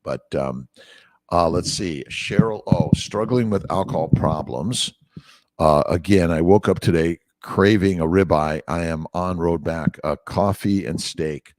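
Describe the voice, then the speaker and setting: A man's voice: deep voice, a little slow, darkish tone, no echo, studio quality. A man in his sixties hosting a morning livestream, rambling in an encouraging way as he reads out viewer names and comments. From United States. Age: 60s. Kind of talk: casual livestream chat reading viewer comments. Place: away from his usual office. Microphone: phone mic.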